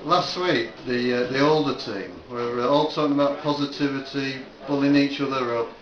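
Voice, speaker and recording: A man's voice: mid-range voice, moderate pace, a crowd in the background. A man, an amateur footballer, chatting in an easygoing way after a match. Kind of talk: casual post-match chat. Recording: echoey lo-fi recording.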